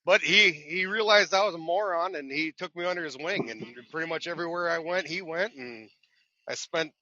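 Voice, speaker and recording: Man, truck driver guest, animated self-deprecating storyteller, dull lo-fi podcast audio. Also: on the high side, brisk. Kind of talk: casual storytelling interview.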